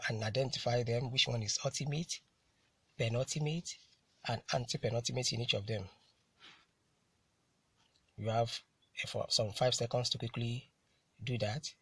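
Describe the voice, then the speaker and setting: A man teaching an English lesson on syllables and word stress, who speaks deliberately and often says "now" to move on. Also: medium pitch, fairly even intonation, fairly bright tone, slightly rough, dry recording.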